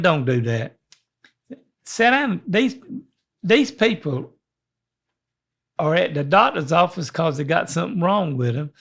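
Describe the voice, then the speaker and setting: A man's voice: sits high, gravelly, fairly bright tone. An older man, co-hosting a podcast in a rambling, folksy way. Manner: rambling, folksy, many restarts. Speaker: podcast co-host. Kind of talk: casual chat.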